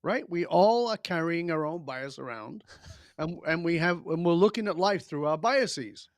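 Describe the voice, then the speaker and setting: A man's voice: on the high side, lively intonation, moderate pace, no echo, clean studio sound. A man speaking as a podcast guest in a blunt, emphatic way, with casual swearing. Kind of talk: podcast interview.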